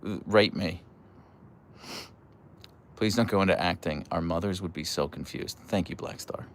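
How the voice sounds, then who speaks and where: A man's voice: deep voice, unhurried, a little hiss or hum. A man hosting a casual live stream, reading viewer messages and rambling through asides and restarts. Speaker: livestream host.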